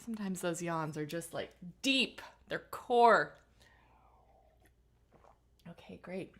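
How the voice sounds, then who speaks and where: A woman vocal coach leading a live online singing warm-up in a relaxed, chatty way, humming and singing examples between instructions. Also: on the low side, normal speed. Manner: relaxed, chatty guidance with hummed and sung demonstrations.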